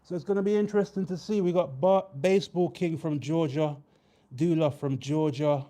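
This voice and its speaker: Speaking in a steady, fairly high voice, a young livestream host runs a weigh-in broadcast. He keeps things casual with the audience, stretching out long shout-outs as he reads viewers' names.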